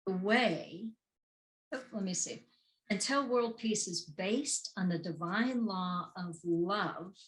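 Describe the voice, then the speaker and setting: Woman minister, sermon, slow deliberate delivery, emphatic, repeats key phrases. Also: fairly low pitch, low-quality recording.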